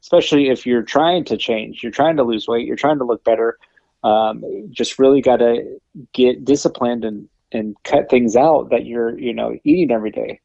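A man co-hosts a casual podcast, explaining basics earnestly and checking in with frequent tag questions. His pitch is average for a man. The recording sounds a little dull and muffled. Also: steady tone, moderate pace, gravelly, mellow, no echo. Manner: earnest, explanatory, many restarts and "right?" tags. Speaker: podcast co-host. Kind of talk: casual chat.

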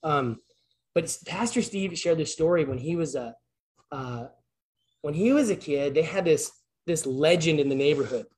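A man who works as a PE teacher, filling in as a church speaker and giving an informal, story-driven sermon in a rambling, conversational way full of restarts. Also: a little high.

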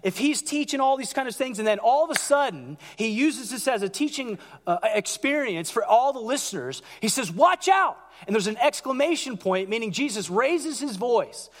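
Animated high-voiced male pastor preaching. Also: moderate pace, few pauses. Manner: animated preaching, acting out quotes with raised voice. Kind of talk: sermon. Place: large church hall. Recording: church hall with long reverb.

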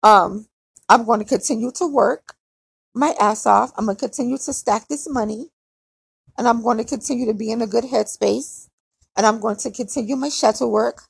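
Husky, gravelly woman venting bluntly. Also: a little high, normal speed, no room sound. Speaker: podcaster. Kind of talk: emotional personal monologue.

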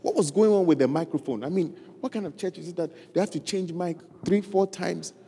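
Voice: medium pitch, fairly quick, gravelly, mellow, slightly rough. A preacher voicing a gossiping churchgoer who complains and asks insinuating questions. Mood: complaining. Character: nagging, gossiping churchgoer stirring doubt. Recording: reverberant hall.

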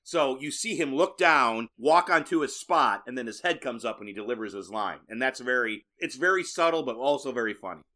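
Bright-voiced man chatting film trivia. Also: mid-range voice, animated, a little fast, hardly any pauses. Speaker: podcast co-host. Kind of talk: casual movie discussion podcast.

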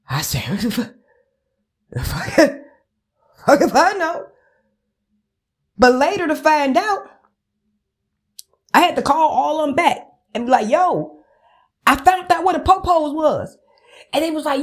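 A woman's voice: sits high, unhurried, pauses often. A woman hosting her own podcast, ranting in casual profane commentary and acting out calls with friends. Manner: animated, swearing, acts out phone calls with friends. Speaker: podcast host.

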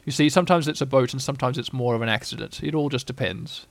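Guy doing a low growly soft teddy bear, slow, storybook. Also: no room sound, close to an everyday voice. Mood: simple. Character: gentle simple male bear, growly.

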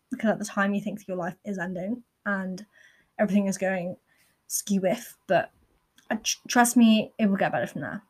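Sincere and open, a young woman talks through a personal monologue on her podcast, leaning often on fillers like "like." Her voice is mid-range and slightly rough.

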